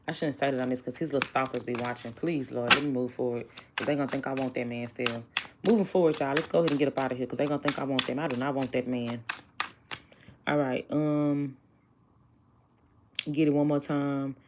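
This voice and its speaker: A woman's voice: very deep voice, steady tone, brisk, very noisy. A chatty woman doing a casual tarot reading, blunt and joking with her viewers. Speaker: tarot reader.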